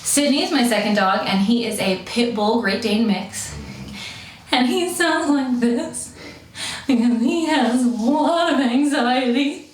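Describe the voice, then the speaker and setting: A woman comedian doing stand-up, telling playful stories with lively swings in her voice. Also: normal speed, few pauses. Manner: playful, animated storytelling with swings in pitch. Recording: echoey room from far off.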